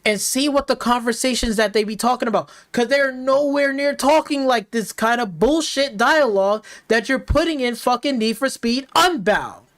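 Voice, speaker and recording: A heated live-stream rant from a game streamer, swearing constantly and circling back over the same complaints. Mid-pitched and plainly spoken, they now and then slip into mocking put-on voices to parody bad dialogue. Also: normal speed, few pauses, a bit bright. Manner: profane, heated, repetitive. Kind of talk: ranting game review.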